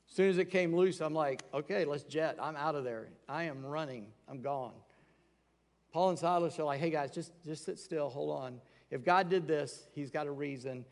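A man gives a sermon in a relaxed, talky way, breaking into quoted voices as he retells the story. His voice is a little high and has a gravelly edge. A long reverb of a large hall hangs on every phrase. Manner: conversational preaching, acting out quoted voices. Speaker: pastor.

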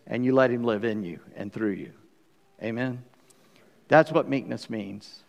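A man's voice: mid-range voice, normal speed, vocal fry, long reverb tail. A man preaching a sermon in a church, asking rhetorical questions and acting out little stories. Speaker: pastor. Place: church sanctuary.

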